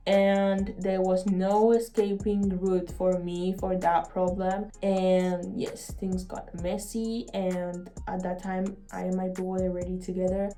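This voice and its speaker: A young woman vlogger telling a personal story in an earnest, halting way, emotional and often repeating her words. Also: mid-range voice, dark tone.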